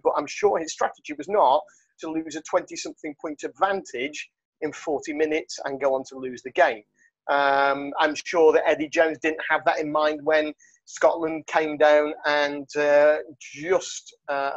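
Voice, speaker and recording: A man with a highish voice talks at a moderate pace, hosting a casual rugby podcast full of jokes, rambling and lots of fillers. The sound is dull and lo-fi.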